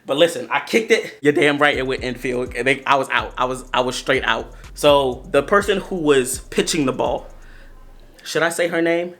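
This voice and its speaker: A man in his twenties telling a story to the camera in a casual, slangy, animated way, often talking straight to his viewers. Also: mid-range voice, moderate pace. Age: 20s. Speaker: storytelling vlogger.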